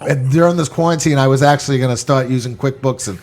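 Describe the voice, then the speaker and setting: A man's voice: medium pitch, quick pace. A middle-aged man who owns a bar, hosting a casual podcast chat in a blunt, profane way. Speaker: bar owner and podcast host.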